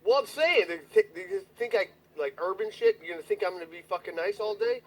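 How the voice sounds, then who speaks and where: A man ranting on a livestream in a high, swooping voice that leaps up and down as he shouts. He curses constantly and lectures the other person without letting up. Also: expressive, quick pace, poor audio. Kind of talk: angry livestream rant.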